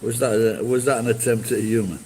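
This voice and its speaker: A man's voice: fairly low pitch, fairly even intonation, fairly quick, darkish tone, a little hiss or hum, rough recording. A man live streaming and chatting with viewers, blunt and profane as he berates them.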